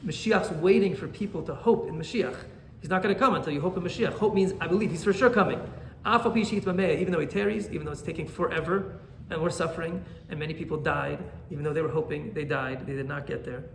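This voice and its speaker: Rabbi guy teaching a class, talks really fast, gravelly, roomy echo. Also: on the high side, a little hiss or hum. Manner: animated, asks "right?" often. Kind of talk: Torah class.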